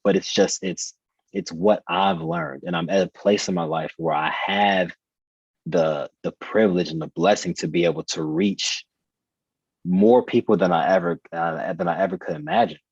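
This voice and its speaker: A man's voice: deep voice, animated, moderate pace, creaky, husky, no echo, dull audio. A man in his thirties, a podcast guest telling a personal story in an earnest, reflective way, repeating phrases for emphasis. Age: 30s.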